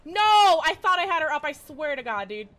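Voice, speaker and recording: A woman streaming a game live, commenting in an excitable, profane way and shouting at the game. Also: sits high, fairly quick, rough recording.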